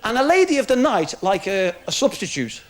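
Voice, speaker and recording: High, lively male stand-up comedian. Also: fairly quick. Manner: chatty, full of asides like "you know". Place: club stage before a laughing audience. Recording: crowd noise, noisy 1970s TV recording.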